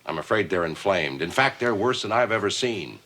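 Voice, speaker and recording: An actor playing a dry, deadpan male family doctor in a sitcom. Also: low-pitched, brisk, heavily acted. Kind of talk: sitcom acting. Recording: TV sitcom audio with laugh track.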